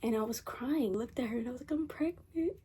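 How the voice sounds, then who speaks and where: Husky-voiced teen girl telling a story. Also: a little high, fast, warm tone. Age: teens. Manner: chatty, rambling, repeats herself. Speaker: vlogger. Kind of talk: casual storytime chat. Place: bedroom at night.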